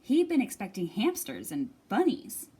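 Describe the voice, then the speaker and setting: A woman librarian reading a picture book aloud at a children's storytime, expressive and animated. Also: mid-range voice, moderate pace, breathy edge.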